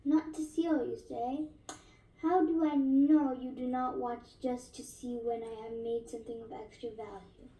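A cranky old potter snaps and scoffs in a harsh voice, as a woman puts him on. His voice is mellow but set a bit high. It sounds off-mic in an echoey room. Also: steady tone, a little slow, distant mic. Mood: suspicious. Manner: harsh, scornful outbursts.

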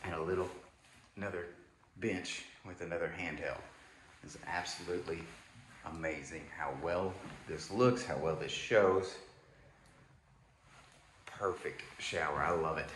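A man's voice: sits low, steady tone, a little slow, pauses often, a bit bright, a little hiss or hum. A man giving a casual, enthusiastic walkthrough of a new house, talking to viewers as y'all. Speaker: home tour host. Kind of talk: walkthrough home tour narration.

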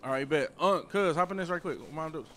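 A man's voice: on the high side, fairly quick, fairly bright tone, a little hiss or hum. A man playing a role-play character, in casual slangy street talk over a headset mic.

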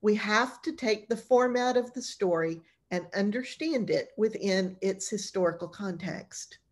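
A woman's voice: mid-range voice, measured pace. A woman pastor teaching an informal Bible class, retelling stories in a chatty, colloquial way.

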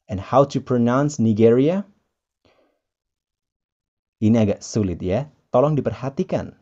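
Lively teacher. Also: medium pitch, dull audio. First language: Indonesian. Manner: slow, emphatic repetition of words; playful, chatty asides. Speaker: English teacher. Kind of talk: pronunciation lesson, drilling words.

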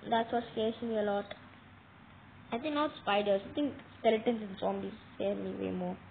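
A woman giving casual game commentary, talking straight to viewers with excitable, dramatic alarm. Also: medium pitch, normal speed, creaky. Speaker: gameplay commentator. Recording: tinny phone-like audio with faint noise.

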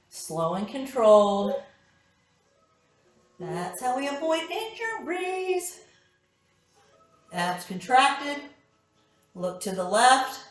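A woman's voice: on the high side, distant mic. A woman instructor leading a core workout class, counting reps and calling out short cues. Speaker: fitness instructor. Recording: echoey room with background music.

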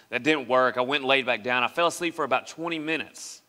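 Bright-voiced preacher in a church hall. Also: male voice, medium pitch, fast. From West Tennessee. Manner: animated storyteller acting out quoted voices. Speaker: pastor. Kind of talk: sermon storytelling. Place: church sanctuary. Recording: long reverb of a church hall.

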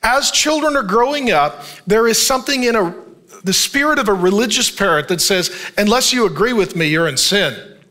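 A middle-aged male pastor preaching a sermon in an animated, joking way, reading scripture and acting out the people in the story. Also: very high-pitched. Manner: animated, jokey, acts out voices in the story.

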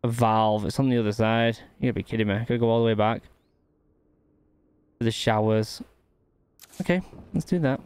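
A man's voice: lowish voice, brisk, pauses often, darkish tone, clean tone, no echo. Man muttering through a game. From United Kingdom. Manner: thinks aloud, mutters to himself while solving puzzles. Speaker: gaming channel host. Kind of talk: gameplay commentary.

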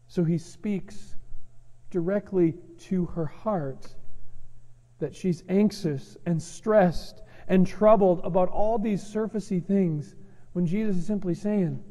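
A man's voice: sits high, takes it slowly. A preaching man in a reverberant church. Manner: earnest, emphatic preaching that swings between loud urgency and soft gentle stretches. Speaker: pastor. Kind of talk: sermon. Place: church sanctuary.

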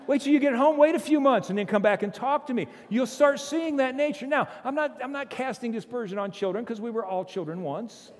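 A man preaching a sermon as pastor, emphatic, swinging from loud bursts to low, intense passages, with humorous asides and chuckles. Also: a little fast, hardly any pauses, big-room sound. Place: church sanctuary.

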